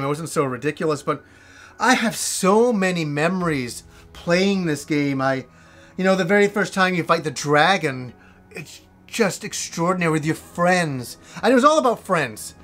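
A man reviewing a video game as the host, telling old memories in an excitable, profane, animated way. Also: on the high side. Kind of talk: casual storytelling review.

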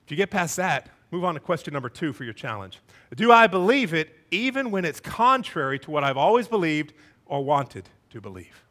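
Man, middle-aged pastor, sermon, animated, slightly higher voice, mimics voices. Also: a little fast. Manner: animated, acts out quoted voices with wide swings in pitch. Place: church sanctuary.

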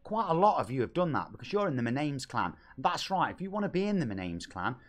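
Lively-voiced Nottingham man streaming games. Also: on the high side, fast. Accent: Nottingham English. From England. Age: 40s. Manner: chatty and jokey, laughs often, greets viewers as mate. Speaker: game streamer. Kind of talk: live stream chat, reading out viewer messages.

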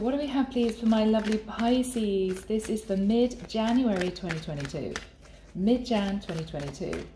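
Soft-spoken woman reading tarot in an echoey room. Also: a little high, a little hiss or hum. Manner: soft, earnest, emotional at times. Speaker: tarot reader. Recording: echoey room with faint ambience.

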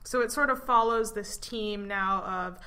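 Bright-voiced woman hosting a chatty podcast. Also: medium pitch, a little slow. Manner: chatty, many ums and likes. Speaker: podcast host. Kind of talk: casual podcast chat about comics.

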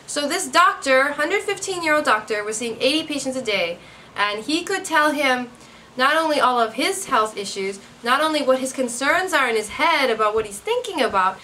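A woman English teacher tells a story in a lively, animated way, acting out the quoted lines. Her voice sits a little high and sounds bright. She often checks in with "right?" and "okay?". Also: a little hiss or hum. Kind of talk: retelling a story for English learners.

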